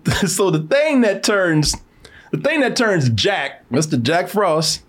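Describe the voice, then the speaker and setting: High, lively joking man. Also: slow. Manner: laughing, joking, acts out characters. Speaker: co-host reviewing a film. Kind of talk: casual chat.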